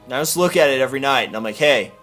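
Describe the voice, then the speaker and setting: A young man hosting a gaming video, giving casual, joking commentary on a card deck, bursting into loud enthusiasm and dropping into mumbled asides. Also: medium pitch, rapid-fire, faint music behind.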